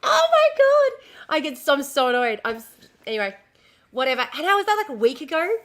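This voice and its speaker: Chatty bright-voiced woman streaming. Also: high voice, big pitch swings, fast. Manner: chatty, easily distracted, swears casually, frequent restarts. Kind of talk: casual live-stream chat.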